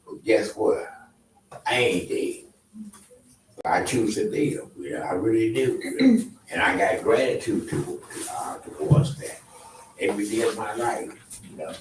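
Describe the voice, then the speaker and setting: A man's voice: lowish voice, expressive, measured pace, long pauses, recorded from a distance. A man in his seventies sharing in a group, speaking in a plain, informal and grateful way. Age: 70s. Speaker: group participant. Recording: echoey room, off-mic, faint noise.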